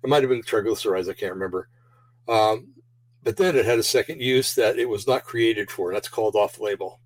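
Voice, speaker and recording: A man's voice: lowish voice, a little fast, dry recording, low-quality recording. A man hosting a show in a casual, rambling monologue, full of fillers and restarts, and slightly out of breath. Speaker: show host.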